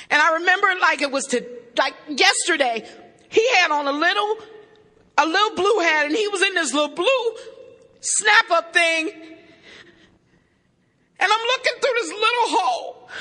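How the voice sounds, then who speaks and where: Speaking at a recovery meeting, a woman gives a personal testimony to a live audience, emphatic and joking, sometimes shouting between earnest passages. Her voice is high-pitched, and the amplified talk echoes through a reverberant hall.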